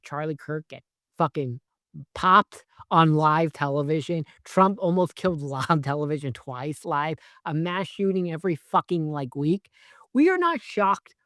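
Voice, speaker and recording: Exasperated, profane film reviewer, rambling sarcastic rant, mid pitch, dry mic. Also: fairly bright tone, no echo. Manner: rambling, heavy use of "like" and "right?". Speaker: movie reviewer. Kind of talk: ranting film review vlog.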